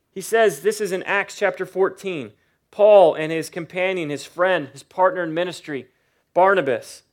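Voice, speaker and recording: A man preaching a sermon to his church, emphatic and slowing down to stress key points. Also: high-pitched. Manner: emphatic preaching, varies loudness and slows for emphasis. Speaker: pastor.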